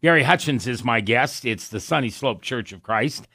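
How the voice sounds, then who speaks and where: A man's voice: mid-range voice, normal speed, gravelly, breathy edge, no echo, studio quality. A man hosting a Christian talk radio show, folksy and thinking aloud, with a cough today. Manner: folksy, animated, thinking aloud with many restarts. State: has a cough.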